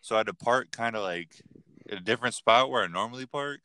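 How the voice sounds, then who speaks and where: Young podcast guy, bright and forceful tone, dry close mic, swears a lot. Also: mid-range voice, fast, no echo. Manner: profane, rambling, animated storyteller. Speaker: podcast co-host. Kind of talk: casual storytelling chat.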